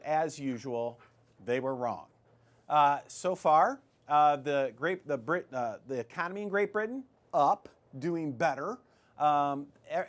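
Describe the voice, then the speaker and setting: A middle-aged man hosting a retirement finance show, talking in a rambling, jokey, chatty way. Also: fairly high pitch. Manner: rambling and chatty, with many restarts; jokey, lively storytelling. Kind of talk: casual talk-show chat.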